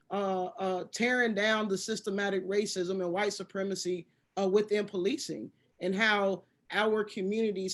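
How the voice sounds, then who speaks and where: A woman speaking as a panelist in a discussion, halting and searching for her words. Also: mid-range voice.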